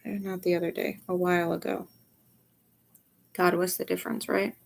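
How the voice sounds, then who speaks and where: A young adult woman speaks candidly in a personal vlog, her voice sitting a little low with a gravelly, creaky texture. She sounds tired and rambles frankly, swearing freely. She often sinks to a hushed near whisper mid-thought. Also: little pitch movement, normal speed. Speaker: vlogger.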